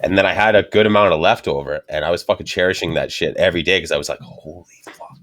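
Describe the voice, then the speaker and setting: A man's voice: low voice, racing. A man hosting a casual chat, swearing constantly and telling stories with animation. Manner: profane, animated storytelling.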